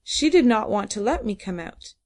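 A woman reading a calm, composed young daughter. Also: medium pitch, normal speed.

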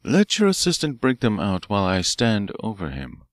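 A man's voice: lowish voice, huge pitch swings, moderate pace, dry recording, clean studio sound. A man reading an audiobook, voicing a bold, cool-headed detective professor who talks in a commanding way. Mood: calm.

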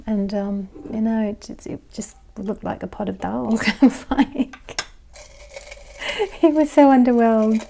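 A woman giving a casual pick-a-card tarot reading, chatty and rambling, laughing often and dropping into soft asides. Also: on the high side, vocal fry. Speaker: tarot reader and life coach.

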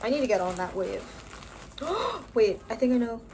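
A young woman filming an unboxing haul vlog, gushing and gasping with excitement over each item. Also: medium pitch, fast, slight background noise. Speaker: vlogger.

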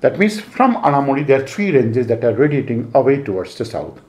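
An Indian-accented man teaching a lecture, his pitch sitting in the middle of the male range. He circles back over his own points and fills the gaps with steady "uh" and "eh" sounds. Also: a little fast. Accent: Indian English. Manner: repetitive phrasing with frequent "uh" and "eh" fillers. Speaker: geography teacher. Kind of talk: explanatory lecture.

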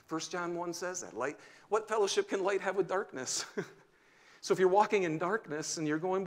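A man in his fifties, a pastor, preaching a sermon and telling stories, swinging from loud exclamations to hushed near-whispers. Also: high voice, moderate pace. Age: 50s. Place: church sanctuary.

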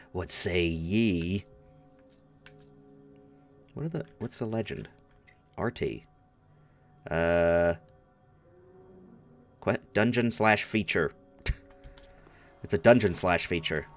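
A man's voice: sits low, lively intonation, takes it slowly, pauses often, soft background music. A man giving casual, playful gameplay commentary, making silly noises and joking at his own expense. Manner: playful, goofy, makes silly noises and jokes at himself. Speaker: let's play gamer.

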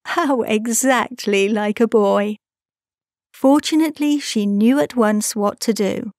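A woman reads a classic storybook aloud in a measured, expressive way. Her voice sits fairly high and she takes her time over each phrase. The recording is close and dry, with no room around it. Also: no room sound. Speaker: audiobook narrator. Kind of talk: scripted storybook narration.

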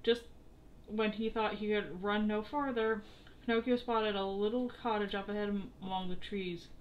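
A woman reading a children's story aloud in a steady, expressive way. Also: medium pitch, moderate pace, muffled recording, slight background noise. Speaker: storybook reader.

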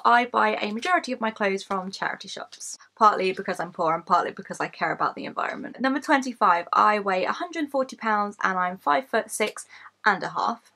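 Talking to her camera, this late-twenties woman from Kent reels off facts about herself in an English accent, swearing freely and poking fun at herself with candour. She's a YouTuber whose mid-range voice sounds bright and forceful.

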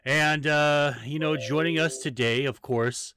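Male podcast host, profane ranter, fairly high voice, dry close sound. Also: steady tone, measured pace, sharp tone, smooth, no echo. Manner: profane, ranting, joking. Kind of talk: casual chat.

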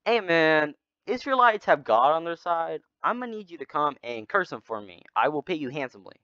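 A man's voice: on the high side, big pitch swings, fairly quick, sharp tone, clean tone, no echo. A man voicing an impatient ancient king who gives casual, bossy orders. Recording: slightly dull lo-fi sound.

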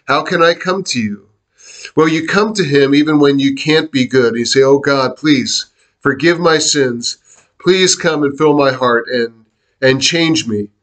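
A middle-aged man gives a devotional sermon, earnest and confessional. His voice sits a little high, and he restarts his phrases haltingly. He sounds close to tears. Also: fairly bright tone. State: near tears. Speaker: preacher. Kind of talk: devotional sermon with a personal story.

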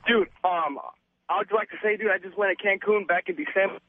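A young man calling a radio show by phone, excited and full of slang. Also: high-pitched, a little fast, dry recording. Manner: excited, laid-back surfer slang. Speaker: caller. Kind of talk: phone-in chat. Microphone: telephone. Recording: tinny phone line.

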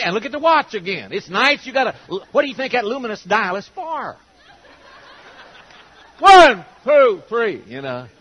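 An older man preaching a sermon to a congregation, telling homespun, humorous stories and acting out the quotes. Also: high-pitched. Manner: folksy, humorous storytelling with acted-out quotes. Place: church auditorium with congregation. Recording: dull lo-fi sermon recording.

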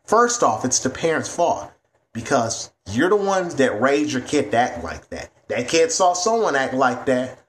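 A man's voice: medium pitch, very animated, a little slow. A man ranting to camera in a vlog, blunt and heavy on profanity. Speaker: vlogger.

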